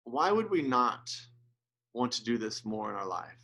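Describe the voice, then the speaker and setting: A man's voice: mid-range voice, big pitch swings, a little slow, bright, forceful tone. A male pastor giving an earnest, conversational sermon, with restarts and asides, who gets emotional as he speaks.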